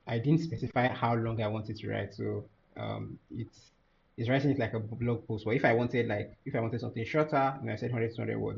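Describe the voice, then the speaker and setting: A man teaching a software tutorial over a screen share, thinking aloud with many fillers and restarts. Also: medium pitch, gravelly, lo-fi sound, slight background noise. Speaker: course instructor.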